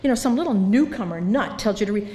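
A woman's voice: medium pitch, animated, fast, dark tone. An older woman sharing her recovery story at a meeting, storytelling with humor and acting out the voices of others. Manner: storytelling, acts out voices, self-mocking humor. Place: meeting hall. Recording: reverberant hall, faint background noise.

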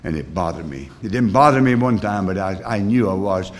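Folksy low-voiced man telling a story. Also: fairly quick. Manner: folksy, rambling, with many fillers; plain rural grammar. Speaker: recovery sponsor sharing his story. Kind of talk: personal storytelling talk.

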